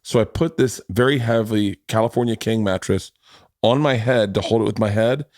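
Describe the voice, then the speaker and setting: A man in his forties hosting a podcast, telling a long story in casual chat, animated and swearing, jumping into quoted voices. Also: on the low side, moderate pace, no echo, studio quality. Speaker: podcast host.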